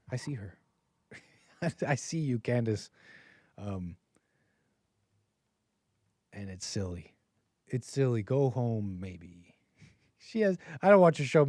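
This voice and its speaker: Hosting a call-in livestream, a man in his thirties offers loose, rambling commentary and chuckles while reading viewer messages aloud. His mid-range voice has a mellow, darker tone, captured dry and close with no echo or room sound.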